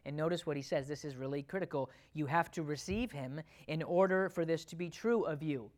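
A woman with a low voice preaches a sermon emphatically and briskly, with hardly any pauses. She repeats key lines for weight and puts questions to the congregation. Her volume swings between loud, driving passages and quiet, close ones.

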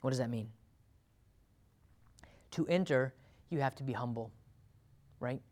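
A man's voice: mid-range voice, measured pace, a little mellow. A man teaching a Bible sermon in a conversational way, laughing often and acting out quotes with a lifted voice. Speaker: preacher.

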